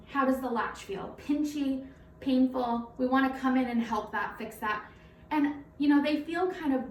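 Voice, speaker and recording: A high-voiced woman, a night nurse, talks a little out of breath through a face mask, teaching a nursing simulation in a chatty, informal way full of fillers. She sounds distant from the mic, in a roomy space with some echo and a faint hiss behind her.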